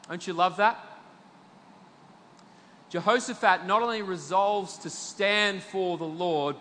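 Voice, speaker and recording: High, bright Australian preacher in a hall. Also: male voice, expressive, slight background noise. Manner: emphatic preacher, swelling to loud peaks then dropping low and slow. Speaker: pastor. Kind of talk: sermon.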